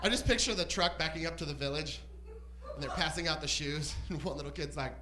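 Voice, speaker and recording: A man performing a stand-up set on a comedy club stage, camp and animated, with squealing outbursts. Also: on the high side, a little fast, rough recording.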